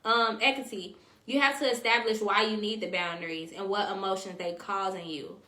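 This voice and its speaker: A woman's voice: mid-range voice, fairly even intonation, normal speed, sharp tone. A woman hosting a casual livestream, reading out viewer comments and talking straight to her viewers in a slangy, chatty way. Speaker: host. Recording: echoey room.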